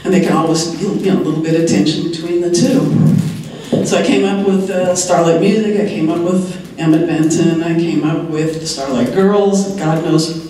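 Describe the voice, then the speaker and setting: A woman's voice: on the low side, steady tone, moderate pace, warm tone, slight background noise. Chatty older woman in an echoey hall. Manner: chatty, laughs often while telling stories. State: slightly hoarse, clearing her throat. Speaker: TV writer on a convention panel. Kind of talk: anecdotal convention talk. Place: large convention hall. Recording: very echoey hall, voice heard from far off.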